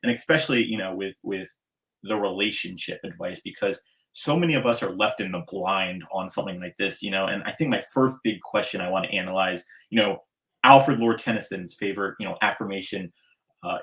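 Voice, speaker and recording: A man's voice: deep voice, fairly quick, a bit bright. A man hosting a podcast interview, talking in an effusive, enthusiastic way, with hype-style introductions. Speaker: podcast host.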